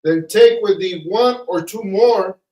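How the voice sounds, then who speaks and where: High voiced guy reading bible verses slow, far from the mic in an echoey room. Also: a little mellow. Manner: slow, careful reading aloud. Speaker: scripture reader in a study group. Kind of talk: reading scripture aloud.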